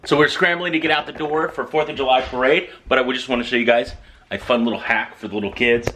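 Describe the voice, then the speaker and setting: A man's voice: mid-range voice, fairly even intonation, fast, pushed and bright, a little hiss or hum, rough recording. A man in his thirties, a father chatting upbeat and direct to viewers in a casual family vlog. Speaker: vlogger and father.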